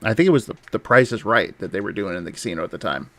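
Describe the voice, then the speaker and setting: A man's voice: on the low side, animated, rapid-fire. Laughing man telling stories on a stream. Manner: chatty, laughs often, acts out quoted voices. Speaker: podcast host. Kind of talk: casual storytelling on a livestream.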